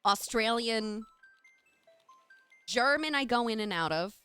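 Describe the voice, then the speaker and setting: A woman's voice: on the high side, animated, slow, pushed and bright, smooth, faint music behind. A woman streamer chatting casually with her live chat while playing a game. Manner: chatty, bubbly, talks to chat.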